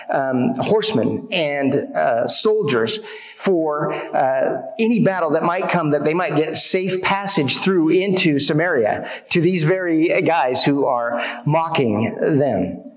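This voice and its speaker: A man preaching a sermon, reading scripture aloud and acting out mocking voices. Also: a little high. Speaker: pastor. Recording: echoey hall, dull lo-fi sound.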